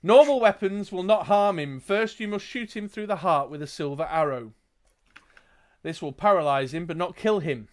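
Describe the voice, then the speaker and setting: A man voicing a tired old male wizard who speaks calmly and gravely. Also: high voice, normal speed, voice pushed up.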